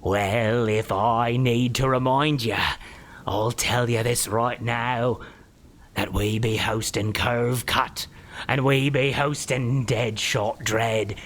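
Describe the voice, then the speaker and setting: A man voicing a huge male fire troll who runs a bridge as slaver lord, barking orders in a rough folksy dialect. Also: medium pitch, steady tone, slow pace, fairly bright tone, pitched below the performer's own voice. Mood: menacing.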